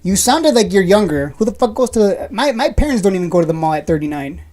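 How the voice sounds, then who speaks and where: Talking fast in a sing-song, darkish mid-range voice, a woman in her thirties runs a casual live stream and reads her chat. She teases viewers with joking, profane rants and laughs frequently between lines.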